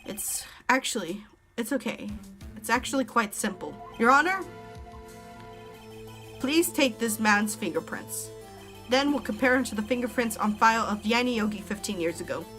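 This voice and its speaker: A woman's voice: a little high, animated, normal speed, a bit bright, soft background music. A woman voicing an earnest young male defense lawyer in a courtroom video game, determined and plain-spoken.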